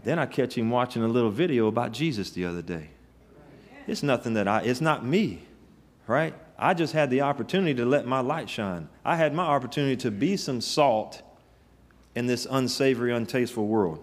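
A man's voice: medium pitch, expressive, a little fast. A man preaching a sermon, telling stories in a folksy, emphatic way with rising bursts. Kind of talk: sermon with storytelling.

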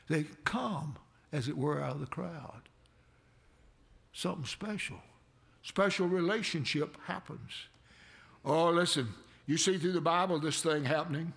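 Man preaching a sermon, kinda high gravelly voice, builds up big then drops low. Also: measured pace, long pauses. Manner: dramatic preaching with sudden swells in pitch and loudness.

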